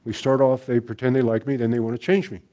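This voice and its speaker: An older man giving a sermon as a story, folksy and gentle, repeating his key lines. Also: mid-range voice, little pitch movement, fast. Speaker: guest speaker and minister.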